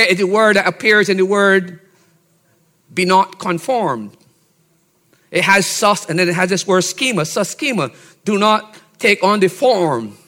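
A pastor preaching an expository sermon in a teacherly way, checking in with his listeners and building up to loud, emphatic exhortation. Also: sits high. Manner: teacherly, checks in with "Okay?" and "See?".

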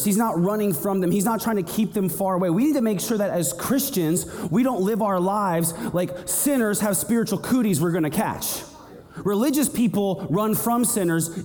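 The sermon comes from a young pastor whose light, high voice rings through a large, reverberant hall. Full of lively energy, he keeps breaking into brief character voices to act out small scenes.

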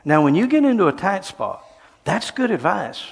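An older man preaching a sermon, telling stories and swinging between quiet passages and loud, shouted lines. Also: high-pitched, sing-song, moderate pace, vocal fry, slightly rough. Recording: long hall reverb.

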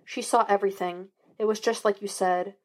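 A woman's voice: mid-range voice, steady tone, moderate pace, close to an everyday voice. A woman reading the lines of a stern male police detective who speaks curtly. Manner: curt, barking.

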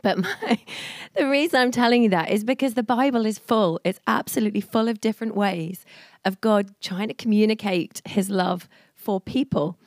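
A woman's voice: mid-range voice, moderate pace, no room sound, studio quality. Chatty woman in her forties preaching. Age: 40s. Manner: chatty, laughing, many fillers. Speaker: church speaker. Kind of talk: informal storytelling sermon.

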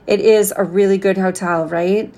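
A woman voicing a worried father on the phone, speaking in a firm, measured, coaxing way as she reads a storybook aloud. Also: medium pitch, steady tone, dark tone, lightly acted.

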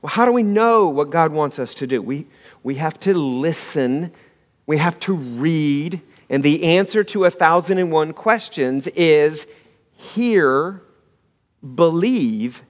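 A male pastor preaches in a church, telling a story and dropping from loud emphasis to near-whispered asides. His voice sits a little high for a man. Long reverb from the hall trails after each phrase. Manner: storytelling, swings between loud and hushed. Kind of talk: sermon. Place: church sanctuary.

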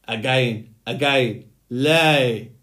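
A man voicing a huge man-eating giant in a storybook reading, booming and roaring out his commands. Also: slow pace, darkish tone. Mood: bellowing. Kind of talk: storybook read-aloud.

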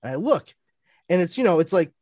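A man spinning a casual podcast story with a voice that swoops all over the place and a fair amount of cursing. His tone sits a touch high for a man and sounds close and dry, with no room around it. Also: brisk, no echo. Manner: animated, profane storyteller. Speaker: podcast panelist.

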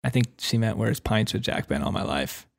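A man's voice: on the low side, lively intonation, fairly quick, vocal fry. Jokey man teasing his co-host. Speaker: podcast co-host. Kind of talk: casual chat.

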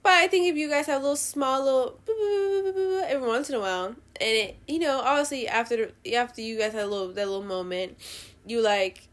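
A woman hosting a show, giving blunt, profane opinions in a casual, animated rant. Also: fairly high pitch, fast talker. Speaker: podcast host.

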